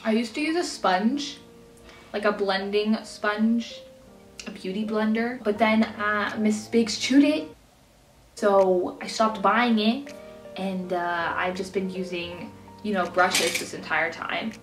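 Young woman, casual beauty vlogger, slight lisp, recovering from a cold, self-deprecating. Recorded in an echoey room, off-mic. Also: slow pace. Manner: chatty, self-mocking, bursts into high baby talk. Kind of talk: casual get-ready-with-me chat. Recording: roomy, mic a little distant, soft music.

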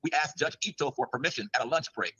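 A man's voice: on the high side, fast, pushed and bright, husky, no room sound, lo-fi sound. A man in an interview, answering in an emphatic, rather formal way. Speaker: trial lawyer interviewee.

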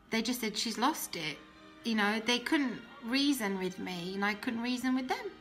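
A young woman giving an emotional personal testimony, earnest and often dropping to a soft voice. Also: fairly high pitch. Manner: earnest, emotional, drops soft and quiet when quoting herself. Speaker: guest telling her testimony.

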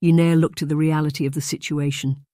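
A man's voice: on the high side, level tone, fast, dark tone, dry recording, close to an everyday voice. Narrator playing an old Scottish chieftain father, stern and scolding, dry read.

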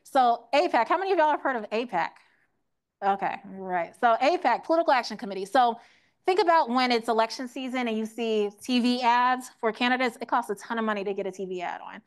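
A woman's voice: fairly high pitch, animated, a little fast, clear, resonant tone. A young woman teaching a room, asking the audience questions and acting out quoted voices. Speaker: teach-in speaker. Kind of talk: interactive classroom lecture.

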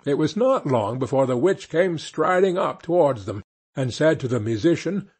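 A man narrating a fairy tale audiobook with slow, expressive storytelling. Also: fairly high pitch, slightly rough.

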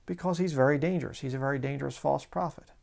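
A man preaching a sermon in a conversational way, slowing down to read scripture aloud. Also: on the high side, vocal fry, darkish tone.

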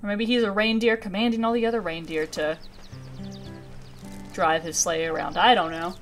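A young woman in her twenties talking through a cozy video game, excitable and quick to giggle. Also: medium pitch, soft background music. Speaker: gaming channel host. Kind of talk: let's play commentary.

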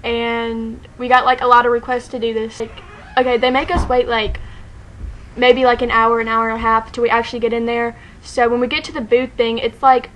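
A woman telling a story to the camera in a casual vlog, excited and rambling, saying "like" constantly and laughing often. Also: fairly high pitch, a little hiss or hum, low-quality recording. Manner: excited, rambling, heavy use of "like", frequent laughter.

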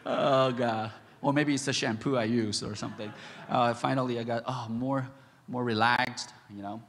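Animated pastor man telling a story. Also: medium pitch, normal speed, in a large hall. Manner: animated, laughing, swings between shouting and hushed. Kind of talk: storytelling sermon. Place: large church hall.

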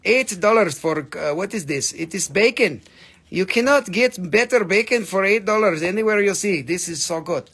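A man sells crystals and minerals on a live online stream, joking, swearing, and bantering with viewers as he prices each stone. His voice is high-pitched and fairly bright with a breathy edge, lively in intonation and moderate in pace.

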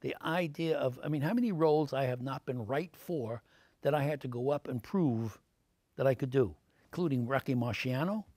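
An older man, an actor answering interview questions with lively anecdotes full of fillers, in a TV studio. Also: medium pitch, normal speed, dry recording. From Brooklyn, New York. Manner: animated anecdotes, many fillers, acts out quoted voices.

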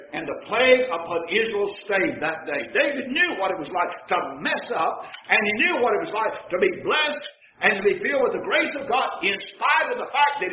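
A man with a high voice preaches a sermon in a church that rings with echo. He poses questions to the congregation, lets his voice fall quiet, then climbs to shouts. The recording is dull and lo-fi with a faint hiss behind him. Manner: call-and-response preaching, drops to hushed tones then rises to shouts. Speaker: pastor. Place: church sanctuary.

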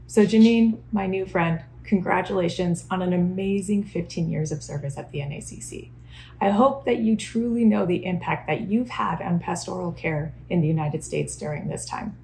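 A woman's voice: on the low side, normal speed, gravelly, a little hiss or hum, low-quality recording. Polished woman giving a tribute. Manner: polished, warm-worded, formal. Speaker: director of development. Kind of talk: recorded tribute message.

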